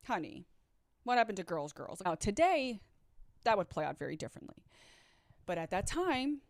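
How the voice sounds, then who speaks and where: A woman's voice: mid-range voice, moderate pace, dry recording, studio quality. A woman telling her own story in a casual vlog, blunt and candid, swearing freely and talking straight to her viewers. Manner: animated, talks straight to viewers. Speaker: storyteller recounting a past relationship. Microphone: own microphone.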